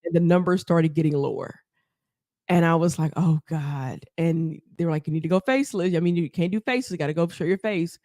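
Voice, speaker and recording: A woman, a therapist, telling her story as a podcast guest, animated and laughing often as she acts out quotes. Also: fairly low pitch, a little fast, dry recording, clean studio sound. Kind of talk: casual storytelling interview.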